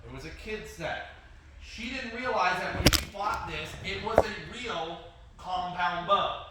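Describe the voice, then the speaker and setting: A high-voiced man teaches a martial arts class, calling out drills and telling stories with lively energy. He is picked up from far off in a booming, echoey training hall with steady noise around him. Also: a little slow. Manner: energetic, animated, calls out drills. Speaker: taekwondo instructor. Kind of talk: class instruction and storytelling.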